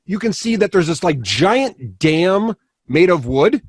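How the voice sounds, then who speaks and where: Man as game master, fairly high voice, rambling with fillers, dry close sound. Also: very animated, measured pace, slightly rough, no echo. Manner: rambling, many fillers and restarts. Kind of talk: running a tabletop game.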